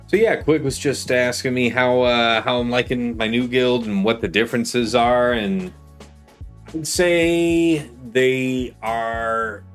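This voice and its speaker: Male streamer host, lively pitch, casual chat, faint music under. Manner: animated, chatty while gaming.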